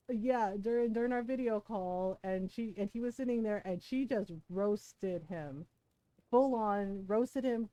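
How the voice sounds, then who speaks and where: A woman's voice: medium pitch, dry recording. A woman game streamer chatting casually, telling stories with lots of laughter and swearing. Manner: animated storytelling, swears freely, laughs often.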